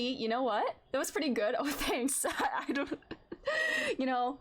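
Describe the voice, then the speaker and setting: A woman's voice: high voice, unhurried. A woman streamer in casual game commentary, rambling and interrupting herself.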